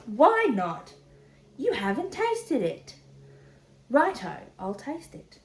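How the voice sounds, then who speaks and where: Gleeful sly dingo woman doing him, sing-songy and high, echoey room. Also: wildly swooping pitch, slow, heavily acted. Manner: sing-song, bouncy and gleeful. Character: cunning male dingo cook, gleeful and scheming.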